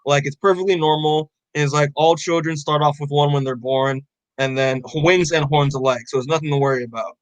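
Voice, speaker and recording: A young man on a podcast, casually retelling a story in a loose, rambling way, full of filler words and frequent swearing. His voice sits a little high for a man. The sound is close and dry, with no room echo. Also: steady tone, brisk. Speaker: podcast co-host. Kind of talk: casual chat recapping a comic.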